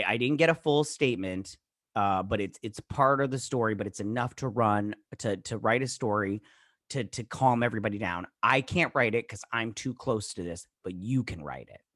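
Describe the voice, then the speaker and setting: A man's voice: fairly low pitch, fairly bright tone, no room sound, studio quality. A man hosting a show, casually recapping and reviewing a TV episode in a rambling way, padded with fillers and quoted character lines. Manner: rambling, filler-heavy retelling full of "he's all like" quotes; briefly acts out characters' lines in quoted bits. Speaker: show host.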